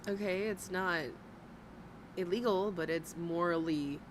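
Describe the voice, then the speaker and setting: A woman's voice: fairly low pitch, measured pace, a little hiss or hum. A woman giving mocking, sarcastic reaction commentary on a streamer's clips.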